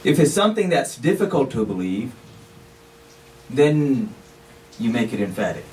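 Distant imam preaching, conversational. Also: male voice, medium pitch, big pitch swings, a little slow, a little mellow. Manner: conversational, often saying "you know", sprinkled with Arabic phrases. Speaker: imam giving a sermon. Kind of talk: explanatory sermon. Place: mosque, seated on the pulpit. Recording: distant mic with faint background noise.

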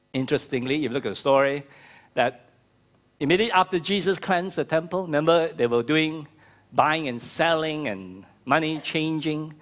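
A middle-aged man preaching a sermon as pastor, animated, acting out quoted voices. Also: medium pitch. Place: church hall.

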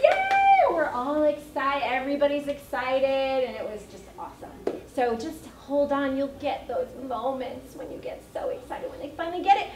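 A woman's voice: high-pitched, a little hiss or hum. Middle-aged female educator, storytelling chat, echoey room with faint ambience. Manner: chatty storytelling with laughs. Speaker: early childhood educator. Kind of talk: parent training talk. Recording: echoey room, mic at a distance.

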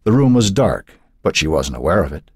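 A man narrating a horror novel in a measured, dramatic way. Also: deep voice, big pitch swings, breathy edge, no echo, studio quality. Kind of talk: audiobook narration.

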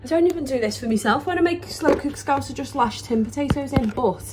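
A woman's voice: high voice, lively intonation, brisk. Woman, casual home-kitchen vlog narration, chatty and matter-of-fact, slight background hiss. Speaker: family vlogger.

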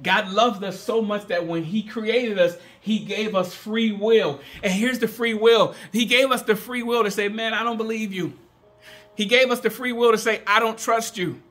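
A man's voice: high voice, fairly even intonation, moderate pace, hardly any pauses, fairly bright tone, soft background music. A man preaching a sermon in a conversational, emphatic way, often acting out the voices he quotes.

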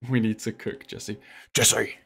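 A young man voicing a stern middle-aged male chemist with a flat, deadpan delivery. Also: fairly low pitch, unhurried, creaky, slightly rough, heavily acted.

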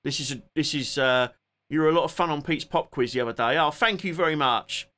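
A man with a Cockney accent, sitting at home hosting a relaxed music live stream and chatting loosely as he thanks viewers by name. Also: a little high, a little fast. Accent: Cockney English. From England. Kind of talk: casual live-stream chat.

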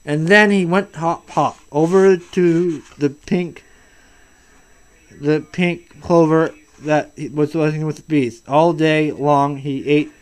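A man reading a picture book aloud to his child, soft and patient, often stopping and restarting words. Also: fairly high pitch, steady tone, slow, clear, resonant tone.

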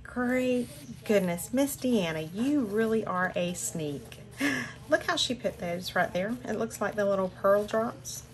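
A woman's voice: mid-range voice, a little slow, few pauses. An older woman hosting an unboxing vlog from her home craft room, gushing with gasps and breathless exclamations. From southern United States. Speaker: crafting channel host. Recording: home recording with background noise.

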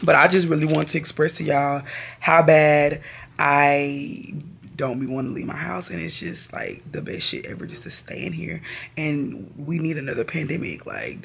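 A woman's voice: low-pitched, vocal fry, roomy sound, a little hiss or hum. A woman, chatting candidly and rambling to her vlog camera in her home kitchen, swearing casually. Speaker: lifestyle vlogger.

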